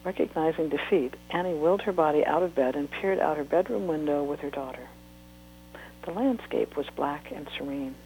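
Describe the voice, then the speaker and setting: Woman author, reading aloud, steady, unhurried, faint hum. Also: sits low, poor audio. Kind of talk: reading a book excerpt aloud.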